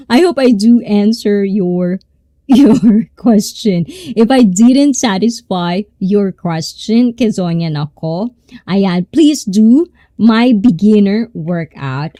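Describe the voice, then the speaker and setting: A woman's voice: medium pitch, mellow, dry recording. A woman chatting casually and rambling to viewers on her live stream. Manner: rambling, conversational.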